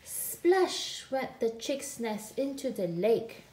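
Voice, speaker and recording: A woman reading a children's picture book aloud in an expressive, drawn-out way. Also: on the high side. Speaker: storyteller. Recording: echoey room.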